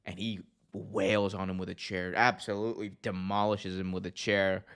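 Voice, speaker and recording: A man hosting a podcast, casually recapping a wrestling event in an energetic storytelling way with many fillers and restarts. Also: deep voice, normal speed, smooth.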